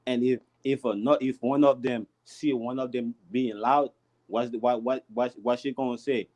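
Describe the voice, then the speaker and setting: A man's voice: medium pitch, fairly even intonation, normal speed, darkish tone, poor audio. Regular-voiced guy rambling in a chill panel talk. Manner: rambling, lots of fillers and restarts. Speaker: panel speaker. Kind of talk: casual chat.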